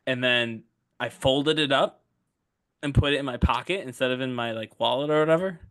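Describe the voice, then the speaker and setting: A man's voice: medium pitch, normal speed, fairly bright tone, smooth. A man co-hosting a podcast, telling a rambling story in casual chat. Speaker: podcast co-host.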